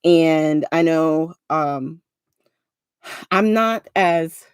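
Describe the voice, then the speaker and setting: A woman in her forties from South Jersey, USA, hosts a craft livestream, chatting casually with viewers as she makes crafts and rambling with plenty of fillers. She has a New Jersey accent with a Southern twang. Her low-sitting voice is extremely slow, clear and resonant, with no echo.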